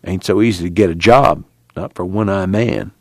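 A man's voice: sits low, fairly quick, no echo, studio quality. A man voicing a bitter, self-pitying one-eyed man with a whiny, complaining drawl.

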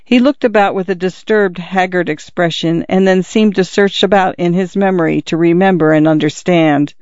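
A man narrating a classic short story in a measured, even storytelling manner. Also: high-pitched, no echo, muffled recording.

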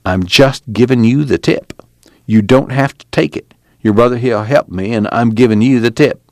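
A man's voice: lowish voice, expressive, normal speed, no echo, studio quality. A man voicing a weary drifter who talks in a plain, blunt rural drawl.

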